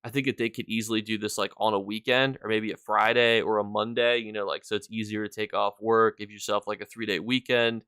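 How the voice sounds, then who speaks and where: A man's voice: fairly low pitch, flat delivery, fairly quick, hardly any pauses, sharp tone, clear, resonant tone, no room sound, studio quality. A man casually talking to his viewers on a live stream, rambling through his points and stopping to thank people in chat.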